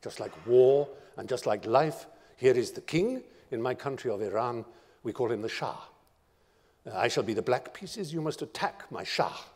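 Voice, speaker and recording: A sly old inventor lays out his terms with quiet patience, voiced by a man telling the tale. The voice has a middle pitch and a modest manner. It carries the long echo of a big hall. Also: lively intonation, normal speed, natural voice. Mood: sly, explaining. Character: old cunning Persian male game inventor, modest.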